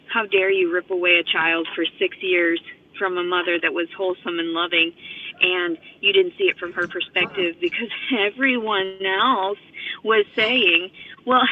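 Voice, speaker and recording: Breathless woman ranting on tinny audio. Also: mid-range voice. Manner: agitated, profane, rambling. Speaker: vlogger. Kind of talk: rambling monologue to camera. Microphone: phone camera.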